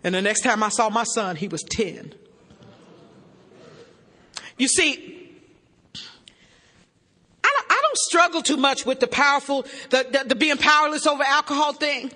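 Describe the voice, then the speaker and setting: A woman giving a personal testimony to a live audience, emphatic and joking, sometimes shouting. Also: high voice, expressive, a little slow, long pauses. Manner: emphatic, joking and shouting between earnest passages. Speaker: speaker at a recovery meeting. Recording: reverberant hall, live amplified talk.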